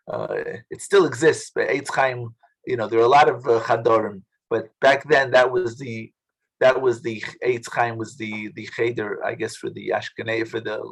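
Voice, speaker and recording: A man leading a study group over a video call, talking in a casual, halting way with many restarts. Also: medium pitch, gravelly, low-quality recording. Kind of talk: casual teaching talk.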